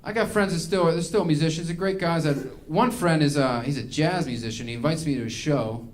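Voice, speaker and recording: A man's voice: fairly high pitch, a little fast. A male stand-up comedian performing a set on stage, ranting in a mock-angry way.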